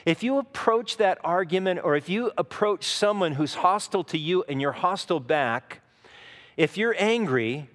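Pastor guy preaching, kinda high voice, talks easy and earnest, big echoey church. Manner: conversational, earnest teaching with frequent asides. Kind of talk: expository sermon. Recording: long reverb of a large hall.

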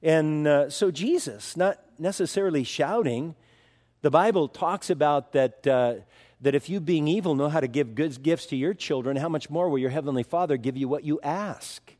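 A man's voice: on the high side, moderate pace, a little mellow, in a large hall. A man pastor giving an expository sermon in a conversational way, with wry asides.

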